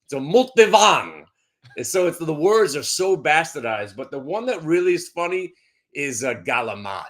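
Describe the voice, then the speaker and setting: A man talking trades and family stories on a markets show, animated and repetitive. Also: a little high, a little fast. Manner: animated storyteller, repeats himself. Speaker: market commentator. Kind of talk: casual chat.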